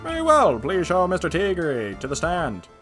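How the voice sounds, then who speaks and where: A man doing a flustered old judge, high voice. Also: huge pitch swings, normal speed, fairly bright tone, faint music behind, exaggerated voice. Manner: fussy, flustered. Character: timid elderly male judge, easily flustered. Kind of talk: fan voice-over of a game.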